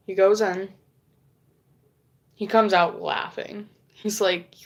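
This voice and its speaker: Female vlogger, unhurried storyteller, rambling and profane. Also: medium pitch, little pitch movement. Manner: rambling, frequent swearing, acts out quoted lines. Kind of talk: casual storytelling.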